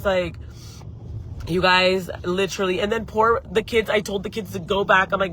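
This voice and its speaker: A woman tells a story live to her viewers, heated and full of swearing. Her voice is bright and sharp. She keeps breaking off to answer comments from the chat. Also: medium pitch, level tone, moderate pace, slight background noise. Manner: heated, profane, talks straight to viewers. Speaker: beauty channel host. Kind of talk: live-streamed story time.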